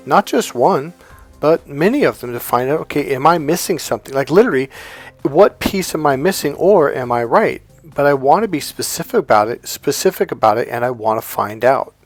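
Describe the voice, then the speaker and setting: Man coaching, acting out client quotes. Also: medium pitch. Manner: conversational, acts out quotes of clients. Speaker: life coach. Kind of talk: casual teaching talk.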